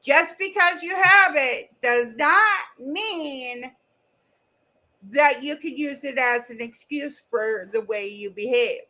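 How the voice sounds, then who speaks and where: Woman, middle-aged, high bright voice, slow unhurried delivery, blunt, goofy, casual livestream chat. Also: rough recording. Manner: blunt, goofy, swears freely. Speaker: streamer and co-host.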